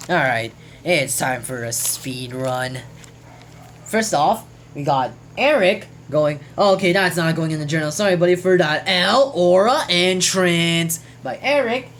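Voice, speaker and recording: A woman's voice: lowish voice, a little slow, slight background noise, rough recording. A woman casually reading out and joking about lines from a class quote journal, chatty, rambling and swearing now and then. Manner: chatty, jokey, swears casually, trails off mid-sentence.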